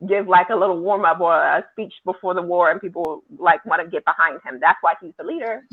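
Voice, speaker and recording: A woman's voice: fairly low pitch, fairly quick, husky. Chatty woman on a tinny line. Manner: chatty, many fillers like "like". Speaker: podcast co-host. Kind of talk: casual opinionated review chat.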